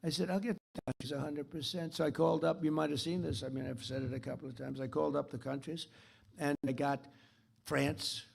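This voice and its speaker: A man's voice: fairly high pitch, steady tone, a little fast, gravelly, darkish tone, breathy edge. An older man giving a rambling, boastful, repetitive off-the-cuff keynote speech. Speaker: keynote speaker.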